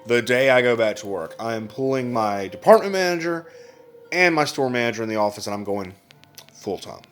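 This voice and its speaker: Young adult male vlogger, blunt and profane, storytelling, mid pitch, light music bed. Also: a little fast. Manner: blunt, heavy swearing, emotional retelling. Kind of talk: casual storytelling vlog.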